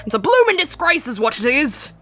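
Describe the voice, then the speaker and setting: A woman voicing a gruff middle-aged male police inspector in a put-on British accent, reading game dialogue aloud with slangy bluster. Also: high voice, very animated, brisk, a bit bright.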